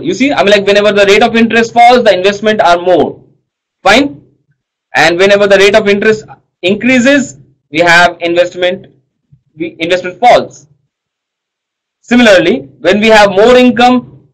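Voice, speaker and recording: A man's voice: sits high, low-quality recording. A man teaching economics to a class. He talks in a chatty way, full of fillers, and keeps checking whether the students follow.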